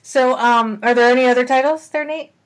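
A woman co-hosting a casual podcast chat, chatty and quick to laugh. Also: high voice, steady tone. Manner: chatty, laughs often, romantic enthusiast. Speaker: podcast co-host.

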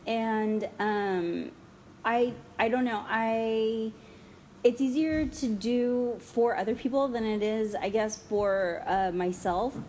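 A woman's voice: medium pitch, a little mellow, a little hiss or hum. A woman chatting as an interview guest, rambling with many fillers and restarts and often breaking into giggles at her own stories. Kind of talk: casual interview chat.

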